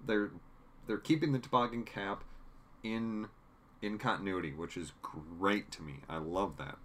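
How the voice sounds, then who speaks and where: A man with a very deep, low voice co-hosts a relaxed chat. He rambles conversationally and fills gaps with ums while reading through his notes. There is a faint hiss behind him. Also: unhurried. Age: adult parent. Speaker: podcast co-host. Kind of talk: casual chat reviewing a TV episode.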